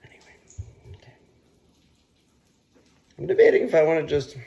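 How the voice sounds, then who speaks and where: A man cooking and chatting on his own vlog, rambling and swearing freely, with sudden loud outcries. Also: medium pitch, muffled recording, slight background noise. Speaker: cooking vlogger.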